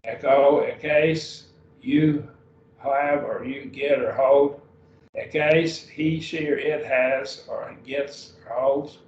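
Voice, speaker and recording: A man teaching a Greek grammar class at a slow, patient pace, repeating each word form as he goes. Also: mid-range voice, fairly even intonation, slight background noise. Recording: lo-fi roomy recording from a distance.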